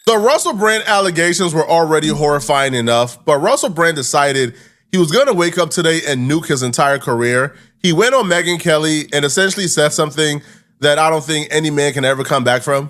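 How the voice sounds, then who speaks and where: High, animated male commentator. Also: fairly quick.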